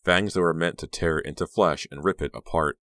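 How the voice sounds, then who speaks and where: A man with an extremely deep voice narrates an audiobook in steady, measured scripted narration. The sound is very dry and close, with no room around it. His pacing stays even and unhurried. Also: no room sound.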